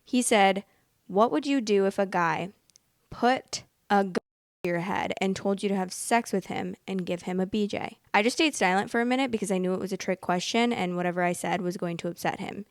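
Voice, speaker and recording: A woman's voice: mid-range voice, fairly quick, no room sound. Woman reading a story aloud, dry sound. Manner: expressive, thinks out loud with fillers and restarts. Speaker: podcast host. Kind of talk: reading a Reddit story aloud, then reacting.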